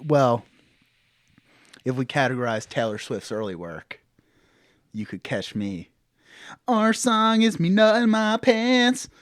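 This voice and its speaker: A young man co-hosting a podcast, chatting casually and joking, often acting out loud quoted voices. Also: a little high, takes it slowly, pauses often, no echo, clean studio sound. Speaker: podcast co-host. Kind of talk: casual comedic chat.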